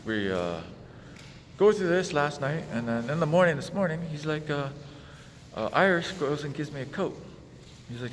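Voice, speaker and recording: A man's voice: fairly high pitch, animated, moderate pace, big-room sound, slight background noise. A man telling an exasperated, casual story in his vlog. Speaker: vlogger.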